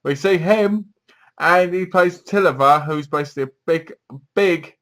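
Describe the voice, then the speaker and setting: A man's voice: a little high, unhurried, a bit bright. Rambling man reviewing a film. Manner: rambling, acts out the characters' lines. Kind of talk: casual movie review.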